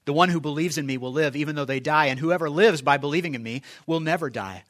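A male pastor preaching a conversational sermon, asking rhetorical questions and swinging between loud and soft. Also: on the high side, fast talker.

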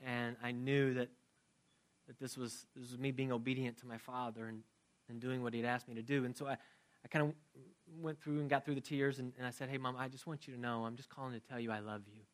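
Conversational pastor preaching, loud to soft. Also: male voice, medium pitch, flat delivery, a little fast. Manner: conversational, asks the congregation questions; swings from loud emphasis to soft, quiet prayer. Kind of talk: sermon with closing prayer.

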